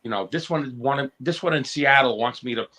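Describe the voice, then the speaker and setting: A man's voice: mid-range voice, moderate pace, sharp tone. A man co-hosting a podcast in casual chat, rambling with lots of fillers and swearing. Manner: rambling, heavy use of fillers and profanity. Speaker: podcast co-host.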